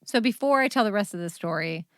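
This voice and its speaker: Brief: giggly woman podcast host, mid pitch, dry close sound, chatty storyteller. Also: expressive, fast talker, dry recording. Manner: giggly storyteller, laughs often. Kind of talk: casual chat.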